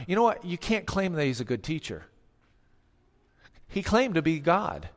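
A man's voice: fairly high pitch, very animated, normal speed, pauses often. A man preaching a sermon as pastor, emphatic, asking rhetorical questions and acting out the quotes he reads. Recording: long hall reverb.

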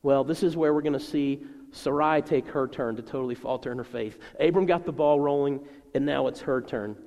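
Preacher guy giving a lively sermon, acts out voices, big echoey church hall. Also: medium pitch, fairly quick. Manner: animated preaching, acting out quoted voices. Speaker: pastor.

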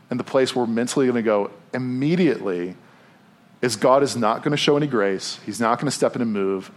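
A pastor giving a conversational sermon to a room, acting out quotes in a lively, expressive way. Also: male voice. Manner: animated, acts out quotes with big pitch jumps. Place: church room with audience.

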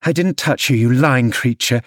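A man reading an audiobook, voicing a fiery, spoiled young woman with shrill, imperious outbursts. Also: normal speed, a bit bright, no room sound, clean studio sound, natural voice. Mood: spiteful.

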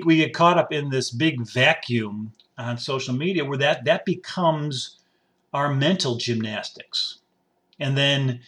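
A man hosting a podcast muses aloud in a rambling, personal monologue, often restarting his sentences. His voice is on the high side and a bit bright, with faint music playing behind.

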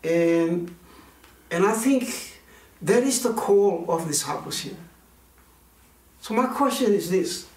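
A man's voice: high-pitched, lively intonation, slow pace, long pauses, darkish tone. A male minister giving an earnest, conversational sermon and telling a personal story, with many restarts. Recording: roomy, voice distant from mic.

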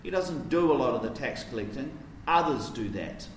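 In a conversational sermon, a man explains his points and poses questions to those listening. He speaks at normal speed in an expressive mid-range voice, with a bit of hiss or hum. A distant mic captures a roomy space with faint ambience.

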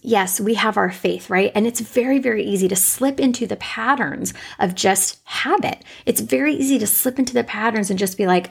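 Podcast host, woman, husky with some gravel, unscripted faith talk, emphatic repeats. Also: medium pitch, normal speed. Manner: off-the-cuff, conversational, emphatic repetition.

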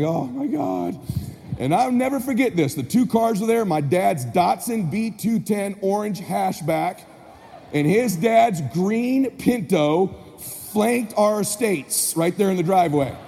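A man's voice: high-pitched, vocal fry, slightly rough. A man giving a motivational speech, telling a childhood story to an audience and acting out voices. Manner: animated, acts out voices with shouts. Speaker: motivational speaker. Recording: reverberant hall, faint ambience.

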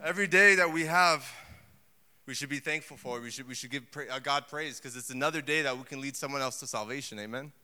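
A man preaching a sermon in a lively, conversational way, full of asides and acted quotes. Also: mid-range voice, fast talker, clean tone. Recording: long hall reverb.

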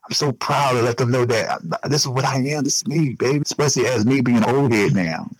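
A man's voice: on the low side, dry recording, rough recording. A man giving an emotional personal interview, talking earnestly and repeating himself for emphasis.

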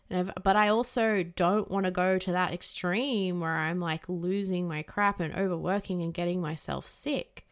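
A woman's voice: fairly low pitch, fairly even intonation, moderate pace, few pauses. A young woman hosting a podcast, talking casually and animatedly, swearing freely and acting out the voices in her head. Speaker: podcast host. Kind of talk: casual advice monologue.

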